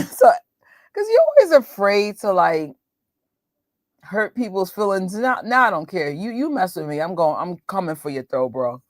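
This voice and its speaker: Very animated and at normal speed, a woman with a mid-range voice and a New York accent hosts a movie watch party from New York. She chats, laughs, and quotes voices with live viewers, recorded at studio quality without echo.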